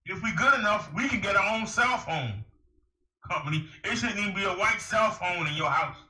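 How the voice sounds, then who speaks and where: A man's voice: high voice, expressive, moderate pace, sharp tone. A man delivering a preachy, emphatic monologue to camera, firing rhetorical questions at the listener. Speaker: vlogger giving advice. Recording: echoey room.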